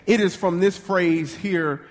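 A high-pitched man delivers a fervent sermon, rallying the crowd in call-and-response. He speaks in quick bursts, stumbling and restarting as his excitement builds. His voice rings out with the long reverb of a large hall. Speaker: preacher.

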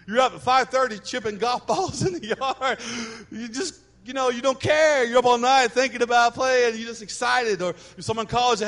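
A middle-aged man preaches with a high, bright voice, animated and acting out little scenes. His words ring out with a long reverb in a church hall. The delivery is casual and direct. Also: a little fast. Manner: animated, acts out quoted voices. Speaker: pastor. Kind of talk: sermon.

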